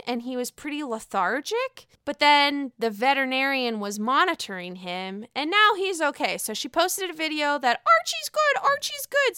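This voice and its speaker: A woman giving casual, blunt commentary, full of swearing and animated outbursts. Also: sits high, clear, resonant tone, no echo, studio quality. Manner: blunt, profane, animated rant.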